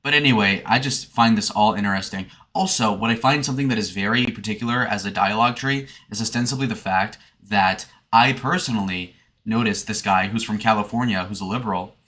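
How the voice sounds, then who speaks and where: A man's voice: on the low side, a little fast, sharp tone. A man in his twenties from Michigan, streaming a casual, rambling monologue in a provocative, sarcastic manner. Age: 20s.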